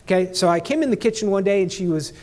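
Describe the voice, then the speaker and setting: High-voiced, punchy motivational speaker man. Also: quick pace. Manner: punchy, energetic, talks straight to the audience. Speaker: keynote speaker. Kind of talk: motivational keynote talk.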